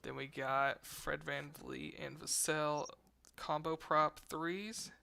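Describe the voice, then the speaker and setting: A man's voice: a little high, fairly even intonation, slow, vocal fry, pushed and bright. A man co-hosting a casual sports betting stream, reading stats aloud and chatting with viewers. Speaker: sports betting show co-host.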